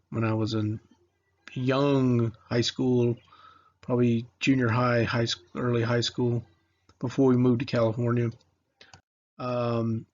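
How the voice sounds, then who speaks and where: A man's voice: mid-range voice, dull audio. A man in his forties from Mississippi, giving a casual history lecture in a conversational, rambling way, with many fillers and restarts. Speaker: history teacher.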